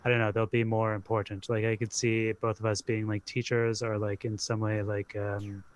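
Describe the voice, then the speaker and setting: A man's voice: on the low side, flat delivery, normal speed. A man hosting a podcast in casual discussion, talking hesitantly and leaning heavily on "like". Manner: hesitant, heavy use of "like". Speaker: podcast host. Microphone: remote call.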